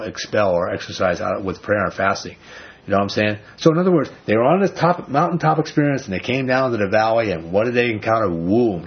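A man's voice: on the low side, slightly rough, dull audio. Man preaching a casual, chatty sermon. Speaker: pastor. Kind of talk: conversational sermon.

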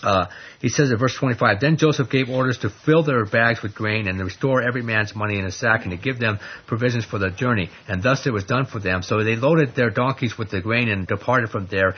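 A man's voice: medium pitch, fairly quick, husky, highs cut off. A man teaching a Bible study, reading scripture aloud and explaining it in a conversational way, often asking the class questions. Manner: conversational, asks the class questions, many fillers.

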